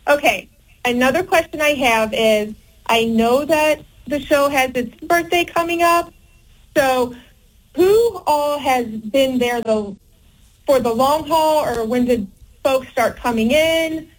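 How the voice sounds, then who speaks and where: A woman's voice: high-pitched, slow, low-quality recording. A woman from Cincinnati calling in to a radio show, eagerly asking the hosts questions. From Cincinnati, USA. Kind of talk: casual phone-in chat.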